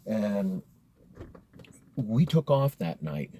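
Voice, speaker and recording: A man with a very dark, mellow, husky voice tells a story casually. He sits a little low in pitch and swears freely. His delivery is laid-back and chatty, with "dude" scattered through it. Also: sing-song, drawn-out words.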